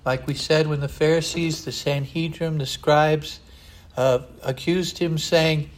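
An older man preaching a sermon in an earnest, rambling way, often pausing on "uh". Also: on the high side, steady tone. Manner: earnest, digressive, frequent "uh" fillers.

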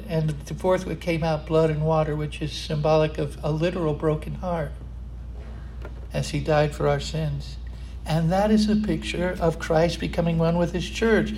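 A man preaching a sermon, impassioned and building to loud, emphatic climaxes. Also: fairly high pitch, fairly even intonation, moderate pace, slight background noise.

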